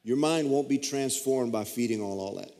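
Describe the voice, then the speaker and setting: A man's voice: medium pitch, moderate pace, mellow. A middle-aged man, a pastor preaching a sermon and telling a story with folksy, self-deprecating humor. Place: church sanctuary. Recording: long church reverb.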